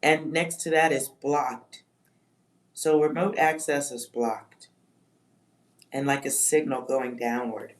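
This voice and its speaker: A woman with a bass voice and a steady tone talks slowly, pausing often, during a live-stream psychic reading for her chat. She muses, reads words aloud, spells some of them, and swears in passing.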